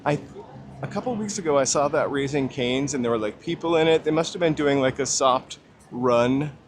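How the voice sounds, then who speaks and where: A man's voice: medium pitch, normal speed. A man hosting a casual walking livestream outdoors, chatting in a rambling, self-deprecating way. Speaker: livestream host. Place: outdoors on a busy city street. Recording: outdoor street noise clearly audible. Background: street ambience and passing traffic.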